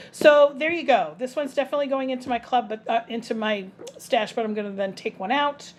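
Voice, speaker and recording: A woman's voice: fairly high pitch, a little mellow. A woman in her fifties with a New York accent, chatting casually and bluntly through a product haul, rambling with restarts. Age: 50s. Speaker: vlogger, home fragrance seller.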